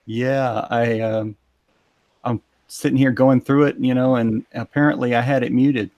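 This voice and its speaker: Easygoing man on a crisp close mic. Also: medium pitch, steady tone, measured pace, no echo, lo-fi sound. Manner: easygoing, joking. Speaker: regular co-host. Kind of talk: casual live-stream chat. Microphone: new close mic setup.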